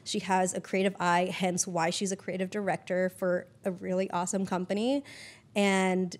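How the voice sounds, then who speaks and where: A woman's voice: on the low side, flat delivery, moderate pace. A woman producer chatting casually as a podcast guest, peppering her talk with "like" and the odd swear. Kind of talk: casual interview chat.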